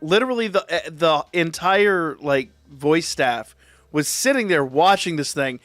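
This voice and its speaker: A rambling man swears freely as he tells a story on a live stream. His voice sits a little high and sounds dry and close, with soft music playing behind him. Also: unhurried, no echo. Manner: rambling, profane, animated storyteller.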